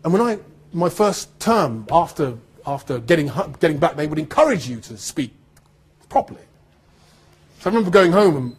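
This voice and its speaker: A man from Birmingham with a neutral standard British accent, telling stories to students in an animated way, laughing and acting out what people said. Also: high voice, fairly quick, slight background noise. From Birmingham, England. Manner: animated storytelling with laughter and acted-out quotes. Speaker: actor speaking to students. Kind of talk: anecdotal speech to students.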